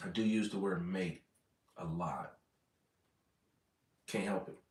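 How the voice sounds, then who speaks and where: A man's voice: sits low, slow pace. Rambling American man, roomy distant sound. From United States. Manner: rambling, self-correcting, repeats words. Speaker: vlogger. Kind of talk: casual livestream chat.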